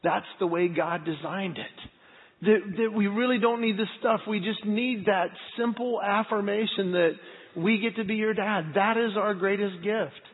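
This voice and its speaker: A middle-aged man, a pastor, preaching a sermon and telling personal stories in a lively, earnest way. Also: high voice, measured pace. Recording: tinny phone-like sound with long hall reverb.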